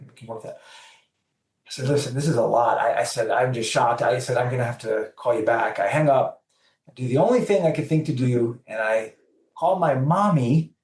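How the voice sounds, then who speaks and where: Man, podcast guest, animated storyteller, echoey room, off-mic. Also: medium pitch, far from the mic. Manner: animated storyteller acting out dialogue. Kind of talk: storytelling in an interview.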